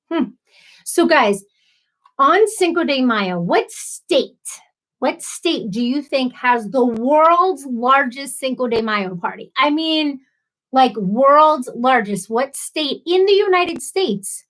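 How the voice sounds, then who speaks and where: A woman's voice: sits high, animated, measured pace, poor audio. A young woman hosting a casual live stream, chatting with viewers in a bubbly, rambling way with many fillers. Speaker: livestream host. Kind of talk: casual livestream chat with viewers.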